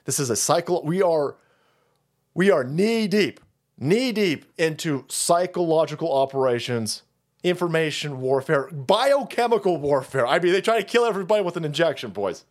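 Foul-mouthed man ranting, high animated voice. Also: normal speed. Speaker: streamer host. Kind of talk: profane political rant on a livestream.

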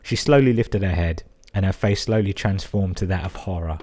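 Here a man hosts a podcast, going through listener emails and tossing in crude, swearing, amused interjections. He speaks at normal speed in a low, warm voice.

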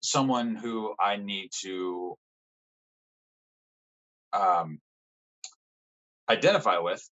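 Frank, low-voiced man telling his story. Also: fairly bright tone, lo-fi sound. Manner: frank, swears often, halting with fillers. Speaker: podcast guest. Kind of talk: candid conversational storytelling.

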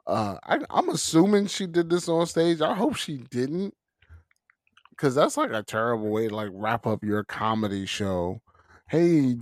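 A man co-hosting a casual podcast chat, an animated storyteller who acts out quotes and laughs often. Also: medium pitch, no room sound, studio quality. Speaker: podcast co-host.

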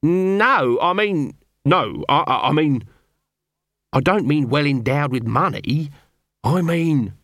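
A man reading an audiobook, voicing a sly, sleazy little male watch corporal with a wheedling, squeaky way of talking. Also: expressive, slow, a bit bright, no room sound, studio quality, full character voice. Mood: flustered.

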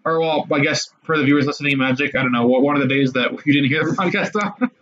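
A man's voice: fairly high pitch, fast, fairly bright tone. A man hosting a podcast in casual chat, easygoing and steering the talk. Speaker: podcast host. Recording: muffled lo-fi audio.

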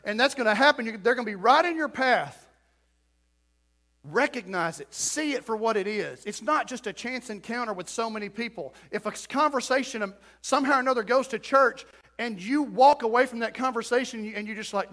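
A pastor preaching a sermon in church, folksy, with joking asides to the congregation. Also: male voice, extremely high pitch, a little fast, pushed and bright.

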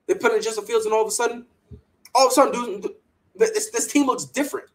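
This sports podcast host has an extremely high-pitched voice and talks fast, and the recording is rough. He rants with strong opinions, animated and heated, and mocks people by quoting them in a put-on voice.

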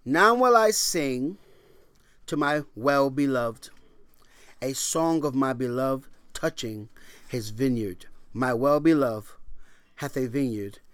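A middle-aged male pastor preaching a sermon, swinging from hushed whispers to loud, emphatic lines and repeating phrases for emphasis while quoting scripture in old-fashioned wording. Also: medium pitch, dry recording.

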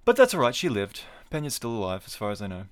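On his casual solo podcast, a man with a medium-pitched voice talks quickly while his pitch swoops wildly. He recaps fights with wry, digressive, jokey asides.

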